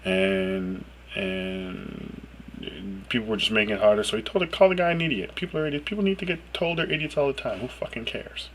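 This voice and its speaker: A man ranting alone to camera as a video blogger, emphatic and swearing freely, his voice jumping up high when he gets exasperated. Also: brisk, fairly bright tone, slight background noise, poor audio. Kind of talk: profane ranting monologue.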